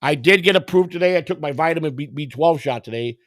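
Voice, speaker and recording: A man's voice: a little high, fast talker, no room sound, studio quality. A man hosting a livestream, telling stories in casual chat in a blunt, profane, emphatic way and acting out other people's lines. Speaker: livestream host.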